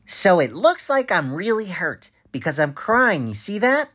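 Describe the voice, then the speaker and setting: A woman voicing a cheerful young cartoon boy who narrates a social story and asks the children watching questions, in a bright, sing-song, exaggerated way. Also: lowish voice, sing-song, unhurried, husky, exaggerated voice. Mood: thoughtful.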